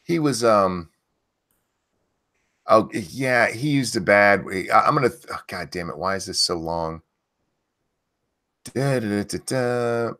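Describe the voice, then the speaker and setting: Deep-voiced man ranting profanely. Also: animated, slow, long pauses. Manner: blunt, sarcastic, swears often, jumps up loud in outbursts. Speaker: streamer host reading news. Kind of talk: profane live-stream news rant.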